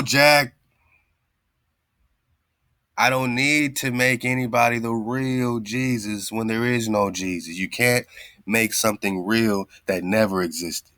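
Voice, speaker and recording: A man's voice: low-pitched, fairly bright tone, no echo, clean studio sound. A man hosting a casual talk show, speaking loosely in street slang and taunting a played clip between laughs. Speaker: podcast host. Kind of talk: casual mocking commentary.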